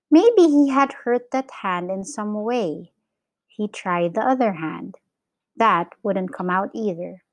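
A woman teacher reading a children's story aloud, in slow, clear storytelling with lively character voices. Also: medium pitch, no echo. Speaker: English teacher.

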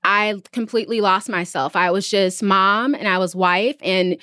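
A woman in her thirties, a business founder, talking through her story as an interview guest. She is animated and jumps up in pitch whenever she quotes someone. The sound is close and dry, with no room echo. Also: normal speed, smooth. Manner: animated, jumps up in pitch when quoting others. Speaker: entrepreneur guest.

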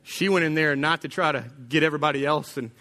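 A man preaching a sermon as pastor, telling a story with animated delivery and acting out the voices of its people. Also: a little high, fast.

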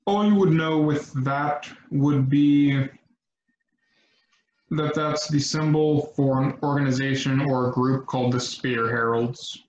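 A man running a tabletop game as game master, narrating in a relaxed way with frequent pauses and ums. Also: medium pitch. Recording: echoey, dull lo-fi room.

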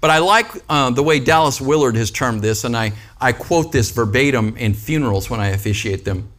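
A man's voice: mid-range voice, brisk, fairly bright tone. A man preaching a conversational sermon as a pastor, with joking asides and frequent calls of "Amen?" and "right?" to the congregation.

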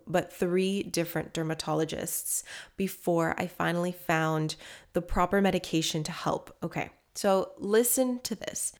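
A young woman hosting a skincare podcast, chatting candidly and laughing often, her voice congested from allergies. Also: on the low side. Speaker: podcast host and esthetician. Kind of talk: casual solo podcast chat.

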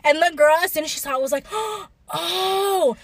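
A woman's voice: sits high, steady tone, very fast, crowd noise. A young woman telling a story in casual chat, acting out quotes with many fillers.

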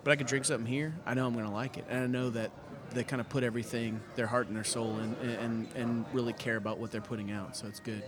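He's a fast talker, a pastor co-hosting a podcast, his medium-pitched voice keeping a fairly even intonation. The casual chat happens in a busy brewery taproom, where he's earnest and laughs readily amid the crowd chatter.

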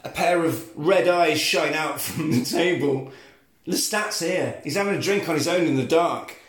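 A man co-hosting a podcast recaps a film plot in casual, comedic chat, swearing, laughing and quoting the characters in their voices. His voice is fairly high, his pace moderate, and the sound reverberant.

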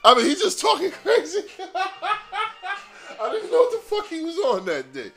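A man's voice: very high voice, wildly swooping pitch, a little slow, crowd noise. A man hosting a podcast in a casual, rambling monologue, swearing freely and laughing at his own jokes. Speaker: podcast host.

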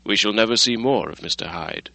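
A man reading the part of a chatty, self-mocking gentleman who speaks in a lively, conversational way. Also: lowish voice, fairly quick, creaky, dry recording.

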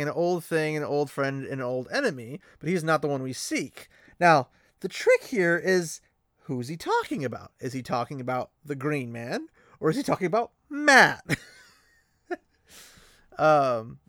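A man hosts a casual book podcast, animated and playful, laughing between points. His voice sits a touch high. The sound is dry and close-miked. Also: no echo. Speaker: podcast host.

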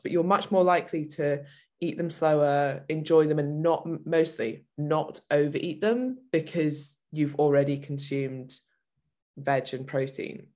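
A woman's voice: low voice, darkish tone. A woman from the UK co-hosting a fitness podcast, chatting casually with lots of filler words. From United Kingdom. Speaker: podcast co-host, fitness coach.

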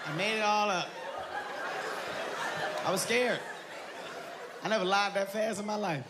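A man doing live stand-up comedy, telling stories in an animated, excitable way and shouting his punchlines. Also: high-pitched, a little slow, a loud crowd, heavy background noise. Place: theater stage before a large audience. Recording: live show with loud audience laughter.

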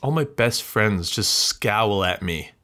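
Slow, low-voiced man ranting bitterly. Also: lively intonation, sharp tone. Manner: bitter, rambling, self-mocking rant with swearing. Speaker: podcast host. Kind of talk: solo podcast monologue.

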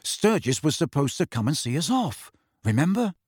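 A man's voice: sing-song, normal speed, a little mellow, husky, dry recording, clean studio sound. A man doing a brooding teenage schoolboy wizard. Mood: low intent. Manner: low, intent.

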